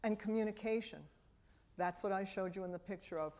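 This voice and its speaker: A middle-aged woman from Brooklyn with a New York accent, a speech and language pathologist giving a lively, wry talk to a room of parents. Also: mid-range voice, fairly quick. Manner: animated, wry, talks straight to the audience. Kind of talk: lively public lecture to an audience. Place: auditorium before a live audience.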